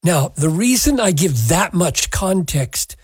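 A man preaching a sermon, expounding scripture in a measured, emphatic way. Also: high voice, very animated, husky, dry recording, rough recording. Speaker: pastor.

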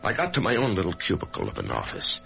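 A frightened office worker brooding on death in a vintage radio drama. His very low, gravelly voice swings widely and stumbles over words. Music plays clearly under him. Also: huge pitch swings, fast, sharp tone, heavily acted. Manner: hesitant, stammering. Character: anxious male office worker facing death. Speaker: narrator and lead character. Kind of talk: 1950s radio drama acting.

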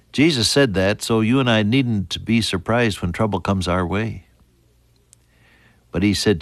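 An older man preaching a sermon in an earnest storytelling manner, climbing high for emphasis and sinking to soft whispers. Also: moderate pace, dry recording, studio quality. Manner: earnest storytelling, pitch rising sharply on emphasis and dropping to near whispers.

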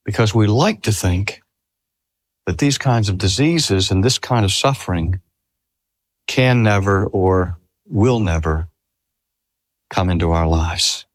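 An older man delivers a sermon with a strongly rising and falling voice. He draws out key phrases slowly and poses earnest rhetorical questions. His voice is recorded dry, with little room sound. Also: low voice, lively intonation, no echo. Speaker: preacher. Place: talk at a cancer hospital.

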